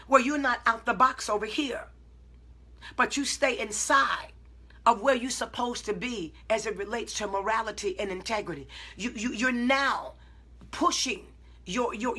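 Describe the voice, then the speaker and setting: A woman preacher talks to her online audience in an informal, emphatic way, acting out her own side of conversations. She moves from calm self-talk to loud, stretched-out exclamations. Her voice is bright and forceful with a husky edge. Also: a little high.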